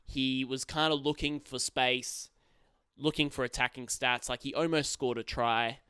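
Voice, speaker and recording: A man's voice: medium pitch, steady tone, unhurried, sharp tone, clean tone, no echo, studio quality. A man co-hosting a casual sports podcast, swearing freely, laughing easily and trailing off mid-sentence. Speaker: podcast co-host.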